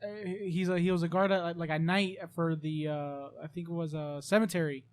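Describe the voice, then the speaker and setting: A man's voice: a little high, little pitch movement, brisk, smooth. A man on a podcast retelling a video he saw, rambling and repeating himself in a casual chat. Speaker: podcast guest.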